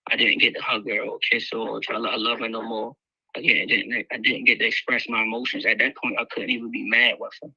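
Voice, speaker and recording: A man's voice: medium pitch, bright, forceful tone, no room sound, lo-fi sound. A man telling a raw personal story, candid and emotional, full of fillers. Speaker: guest speaker sharing his life story.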